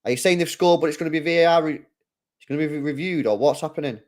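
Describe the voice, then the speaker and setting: Chatty young football fan. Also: male voice, a little high, quick pace, a little mellow. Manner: chatty slang-heavy fan talk, rambling with restarts. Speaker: football watchalong host. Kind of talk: casual live match commentary.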